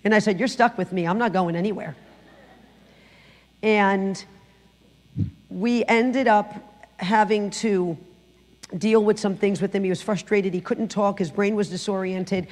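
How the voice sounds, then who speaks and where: A middle-aged woman sharing her personal testimony in church, telling the story with lively acted-out quotes. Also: medium pitch, a little slow, long pauses, in a large hall. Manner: animated storytelling, acting out quotes. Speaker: guest speaker giving testimony. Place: church sanctuary.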